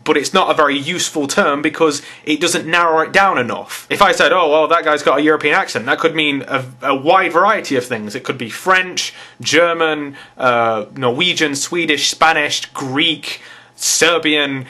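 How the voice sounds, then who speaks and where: An exasperated English man rants bluntly to his camera, swearing freely. His voice sits a little high and has a bright, tense edge. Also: unhurried. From England. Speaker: vlogger. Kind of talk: casual ranting vlog.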